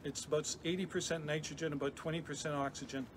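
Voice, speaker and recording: Middle-aged man, fairly high voice, chemistry professor, lively chatty kids' science demo, noisy hiss behind. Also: fast talker. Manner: lively, chatty explainer with frequent restarts. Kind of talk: live science demonstration for kids.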